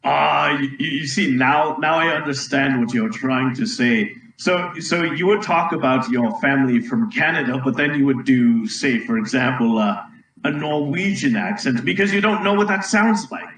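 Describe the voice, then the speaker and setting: A young man co-hosts a casual podcast, teasing his friend in a dry, deadpan way and stumbling over his words as he talks. His voice sits at an ordinary middle pitch. The sound is roomy and distant, with the mic some way off. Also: normal speed. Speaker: podcast co-host. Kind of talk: casual chat. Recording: roomy echo, away from the mic.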